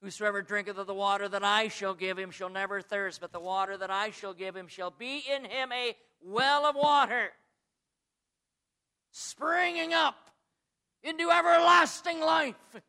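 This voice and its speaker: A man preaching a sermon, swinging from quiet asides to loud, high, drawn-out emphasis, who says he is from the United States. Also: steady tone, clear, resonant tone.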